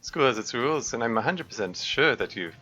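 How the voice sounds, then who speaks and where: A man's voice: medium pitch, lively intonation, brisk, sharp tone, pitched above the performer's own voice. A man voicing a cheeky, dry-witted older man who teases in a raised voice. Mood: teasing. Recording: dull lo-fi mic, faint music.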